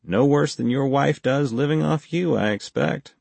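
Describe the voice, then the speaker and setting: A man's voice: mid-range voice, normal speed, vocal fry, darkish tone, dry recording, voice pushed up. A male audiobook narrator voicing a terse, guarded former army major who gives clipped, dry answers. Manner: laconic, clipped, dry replies. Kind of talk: audiobook character voice.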